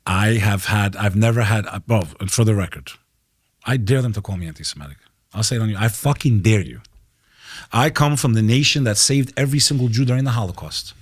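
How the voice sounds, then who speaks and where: A man's voice: lowish voice, brisk, slightly rough, no echo, clean studio sound. A middle-aged American man, a podcast guest, talking heatedly and emphatically, swearing and throwing in "bro" as he makes his case. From United States. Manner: heated, emphatic, profane, keeps saying "bro". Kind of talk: impassioned podcast talk.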